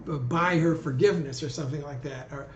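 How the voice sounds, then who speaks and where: A man's voice: a little high, fast, highs cut off. A man hosting a live video call with callers, talking in an easygoing, conversational way. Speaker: livestream host. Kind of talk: casual live chat with callers. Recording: echoey room.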